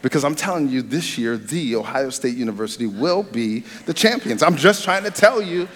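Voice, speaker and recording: A man preaching a sermon to a congregation, playful and joking, with loud excited bursts between quieter earnest stretches. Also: medium pitch, normal speed. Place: large church hall. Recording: long hall reverb.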